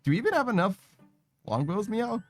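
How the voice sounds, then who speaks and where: A young man streaming a game, chatting casually and rambling, ending nearly every phrase with a quick "meow" and swearing now and then. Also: sits high, very animated, soft background music. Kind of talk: casual gaming stream chat.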